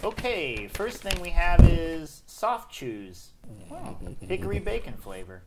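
Exasperated man with a lively voice. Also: a little high, slow. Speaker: dog owner, co-host. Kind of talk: scripted comedy chat. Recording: noisy home recording.

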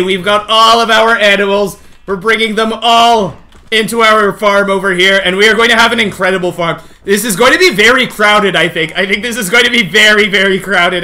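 A man streaming a game live, talking excitedly to his chat and coaxing the animals along, often shouting and laughing. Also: high-pitched. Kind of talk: excited live gameplay commentary.

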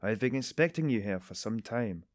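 A man reading an audiobook, voicing a middle-aged male detective who speaks calmly and coldly. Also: lowish voice, dry recording, clean studio sound, natural voice. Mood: cool. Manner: calm, cold, measured.

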